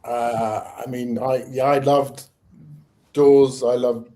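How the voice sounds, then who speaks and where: Halting man with a mellow voice. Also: medium pitch, little pitch movement. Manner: halting, full of "uh". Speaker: actor on a panel.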